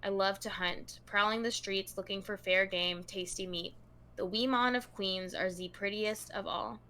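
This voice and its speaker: Bright-voiced woman podcast host. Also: medium pitch, fairly even intonation, moderate pace. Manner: reads long passages aloud to a co-host in a casual tone. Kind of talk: true crime podcast chat.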